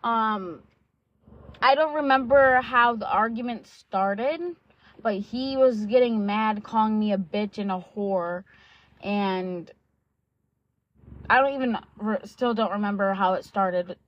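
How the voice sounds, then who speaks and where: A woman's voice: medium pitch, slow pace, no room sound. A woman in her twenties, telling a personal story in a candid, blunt way, swearing freely and filling her talk with "like" and "um". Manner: candid and blunt, swears often, many fillers like "like" and "um"; acts out quoted dialogue while retelling. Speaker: vlogger. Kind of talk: casual storytelling. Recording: dull lo-fi sound.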